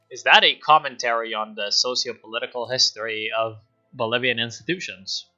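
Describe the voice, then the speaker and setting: A man streaming a strategy game, excitable, swearing and laughing as he comments on his moves. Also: mid-range voice, moderate pace, lo-fi sound, faint music behind.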